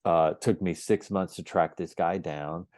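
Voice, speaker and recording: A man on a podcast telling his story as the guest, animated, acting out the dialogue as he goes. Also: sits low, measured pace, no echo, studio quality. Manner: emphatic and repetitive phrasing. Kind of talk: storytelling in an interview.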